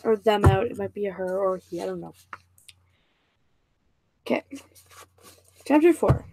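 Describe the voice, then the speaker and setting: A woman's voice: medium pitch, animated, unhurried, background noise. A woman casually reading a novel aloud, stumbling and restarting over words now and then. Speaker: reader and channel host.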